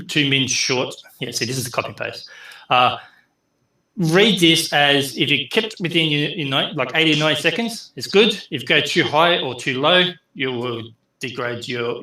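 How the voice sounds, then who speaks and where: A man's voice: mid-range voice, sharp tone, reverberant, low-quality recording. A middle-aged man, teaching an online class in a chatty way full of fillers. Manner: chatty, filler-heavy, speeds up and slows down. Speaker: university lecturer.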